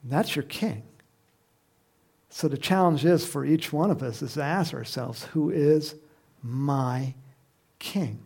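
A slow, unhurried man preaching a sermon, his voice gravelly with a touch of fry. He speaks at a slightly higher pitch than most men and keeps it conversational, turning to his listeners with questions as he goes. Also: expressive, darkish tone. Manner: conversational, asks the congregation questions, laughs.

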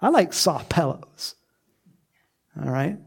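Male pastor, animated sermon delivery, a little high, raspy edge. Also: slow. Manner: animated, acts out voices, laughs often.

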